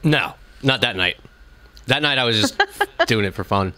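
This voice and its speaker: A man's voice: medium pitch, lively intonation, moderate pace, bright, forceful tone. A young man chatting casually on a podcast, joking, defensive and swearing freely. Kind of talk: casual chat.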